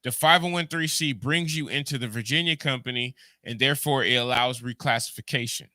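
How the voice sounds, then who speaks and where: A man's voice: medium pitch, fairly quick, bright, forceful tone, dry recording. A man with a Jamaican accent hosting a livestream, rambling through ideas, repeating words and answering his chat. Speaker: podcast host. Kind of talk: casual livestream commentary.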